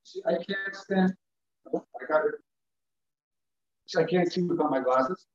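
A male teacher giving a classroom lecture to students, animated and playful, acting out examples as he goes. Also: high voice, a little slow. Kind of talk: classroom lecture on public speaking. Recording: echoey classroom from far off, dull.

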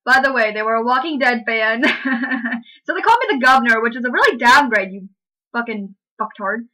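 A woman's voice: fairly high pitch, normal speed, sharp tone, low-quality recording. A woman vlogger chatting casually and giggling often as she reads an online chat aloud. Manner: giggly, lots of fillers and laughs.

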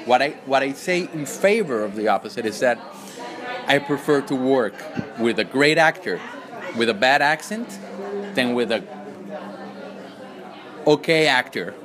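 Halting Colombian-accented man. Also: mid-range voice, expressive, a crowd in the background. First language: Spanish. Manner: hesitant, halting with many restarts. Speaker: film director. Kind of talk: interview answers.

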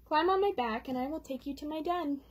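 A woman voicing a grown, kind male wolf who leads a pack, speaking in a calm, reassuring storybook voice. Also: sits high, brisk, voice pushed up, lightly acted.

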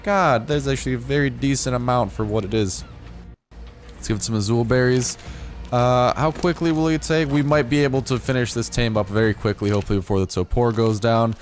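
A young man giving casual, jokey gameplay commentary as a gaming YouTuber, rambling through asides and breaking into excited outbursts. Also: medium pitch, brisk, soft background music.

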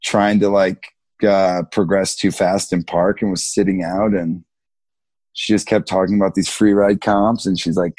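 A man in his thirties, a big mountain skier guest, telling stories in a relaxed, slangy way, laughing often and acting out what people said. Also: low-pitched, moderate pace, dry recording. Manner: laid-back, slangy, laughs often, acts out quotes. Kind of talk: casual storytelling interview.

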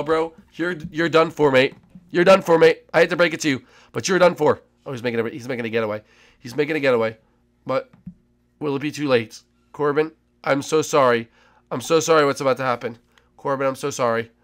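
A young man giving excitable Minecraft gameplay commentary as a gaming channel host, with loud, dramatic outbursts. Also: mid-range voice, fast.

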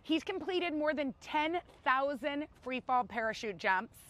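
A woman's voice: high-pitched, a little slow. A woman in her thirties co-hosting a talk show, chatting eagerly and often restarting her sentences. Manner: excited and chatty, with frequent restarts and laughter. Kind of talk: casual chat.

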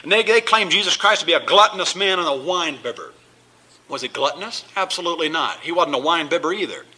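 Bright, forceful man preaching a Bible study. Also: on the high side, expressive, quick pace, slightly rough, low-quality recording. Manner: reads scripture aloud, then explains it with emphatic asides. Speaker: pastor. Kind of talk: verse-by-verse Bible study sermon.

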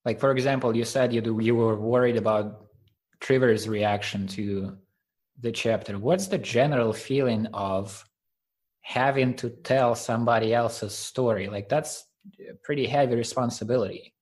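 A man hosting an interview, asking a question haltingly and searching for words. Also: mid-range voice, darkish tone. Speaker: interviewer, podcast host.

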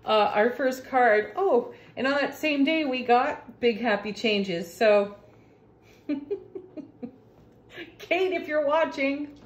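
A woman reading tarot cards in a casual, gushing way, laughing often. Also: on the high side. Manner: slow, warm-hearted, laughs often, gushing about the cards. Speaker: tarot reader. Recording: echoey room.

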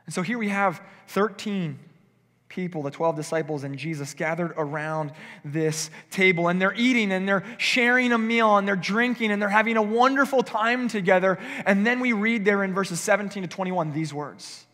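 In a church sanctuary, a male pastor preaches a conversational sermon, acting out what people might say. His voice is high-pitched, bright, and forceful at a moderate pace, echoing in the large hall.

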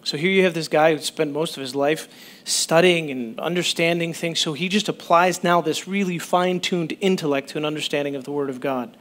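Male pastor with a high voice, preaching casually and animatedly, restarting his sentences. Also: a little fast. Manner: conversational, animated, breaks off mid-sentence. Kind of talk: sermon.

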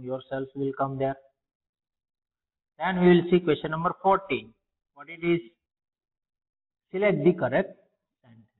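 A man with an Indian English accent, a teacher going through test answers for pupils and asking and answering his own questions. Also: a little high. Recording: phone-like, long reverb.

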